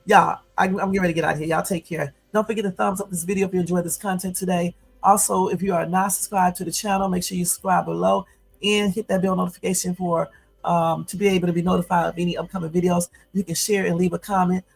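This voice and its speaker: A woman's voice: fairly low pitch, little pitch movement, quick pace, creaky, slightly rough, low-quality recording. A woman in her fifties hosting a casual livestream from home, chatty and full of fillers, turning blunt and confrontational. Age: 50s. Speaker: YouTube livestream host.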